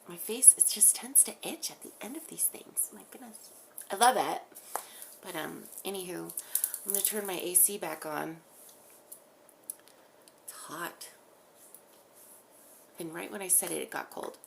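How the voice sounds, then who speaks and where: A woman's voice: lowish voice, measured pace, vocal fry, pauses often, a bit bright, a little hiss or hum. Giggly, rambling woman channeler. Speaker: spiritual channeler. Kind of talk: casual chat after a channeling.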